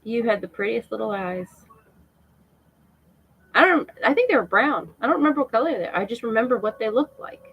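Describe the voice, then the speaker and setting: A woman's voice: a little high, animated, fairly quick, pauses often, fairly bright tone, husky, muffled recording. A middle-aged woman chatting casually and emotionally on a live stream to her viewers, laughing often.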